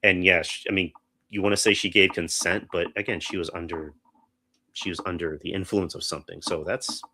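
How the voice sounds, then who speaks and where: Speaking fairly quickly in a low, flat voice over a noisy background, this man co-hosts a podcast and chats his way through a movie review. His talk wanders, full of restarts and performed quotes.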